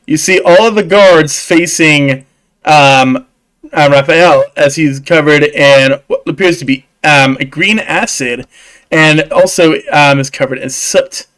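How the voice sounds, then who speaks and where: A man's voice: a little high, slow pace, fairly bright tone, clean tone. A man narrating a tabletop game as dungeon master, hesitant, with many fillers.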